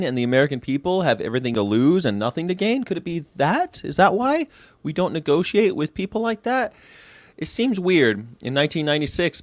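Recorded dry, a medium-pitched man in his late thirties hosts his daily vegan program. He treats history with casual irreverence, rambling and swearing, piling on rhetorical questions and wry observations.

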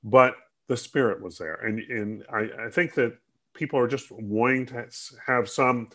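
A man co-hosting a casual talk show, speaking in halting bursts with frequent restarts and fillers. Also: mid-range voice, sharp tone. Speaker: co-host. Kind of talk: casual chat.

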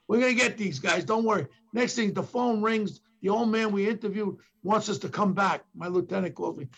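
An older man with a thick New York accent spins a police story in a gravelly, husky voice. He sits high in the male range and leans hard into the lines he quotes, playing each person in the tale. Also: fairly bright tone. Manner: acts out quotes from others with emphatic bursts. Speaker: former police detective telling stories as a podcast guest. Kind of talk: animated storytelling.

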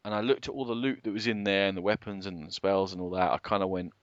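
A man's voice: low-pitched, steady tone, quick pace, no room sound. A man co-hosting a podcast about games, talking casually at length and with emphasis. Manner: talkative, rambling, emphatic. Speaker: co-host. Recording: dull lo-fi podcast audio.

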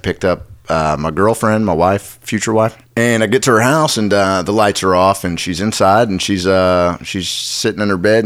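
A man co-hosting a podcast, telling a personal story in a relaxed way with many restarts. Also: sits low. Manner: relaxed storyteller, frequent restarts and self-corrections. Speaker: podcast co-host. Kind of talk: casual chat.

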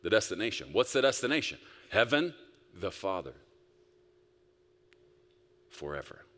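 A male pastor preaching a sermon, emphatic, swinging between loud bursts and soft, quiet stretches. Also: deep voice, sing-song, moderate pace. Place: church sanctuary. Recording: long reverb of a large hall.

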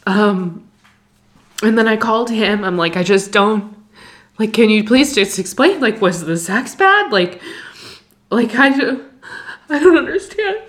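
A young woman telling an emotional personal story, halting and distressed, full of fillers and restarts. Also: medium pitch, animated, fairly bright tone. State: distressed, near tears.

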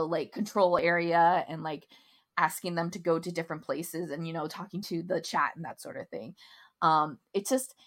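A woman in her thirties co-hosting a podcast, chatting casually in long run-on stories. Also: lowish voice. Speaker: podcast co-host. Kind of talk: casual chat.

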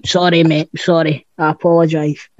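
Speaking at a moderate pace in a level tone, this man's voice sits a little high, with no room sound. As a podcast co-host he jokes, swears, and tells stories in casual film chat, and the recording is dull, dry, and lo-fi.

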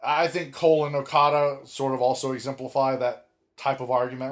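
A man co-hosting a casual wrestling podcast, talking animatedly with emphatic, drawn-out words and frequent restarts. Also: medium pitch, level tone. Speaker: podcast co-host.

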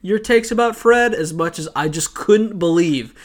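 A man's voice: sits high, normal speed. A young man from Georgia with a South Georgia accent, co-hosting a podcast with teasing, joking banter. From Georgia, USA. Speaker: podcast co-host. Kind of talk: casual recap chat.

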